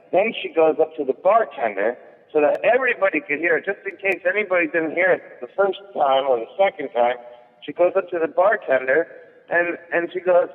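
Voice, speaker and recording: A male guest comedian with a fairly high voice chats casually at a fairly quick pace. He tells a rambling story full of fillers and restarts, and the recording sounds thin and phone-like with a long echo.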